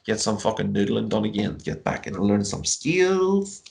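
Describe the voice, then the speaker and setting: A man's voice: fairly low pitch, big pitch swings, moderate pace, creaky, a little mellow. An Irish man from Ireland, a podcast guest on a video call, telling a long story in casual chat, swearing freely and full of fillers.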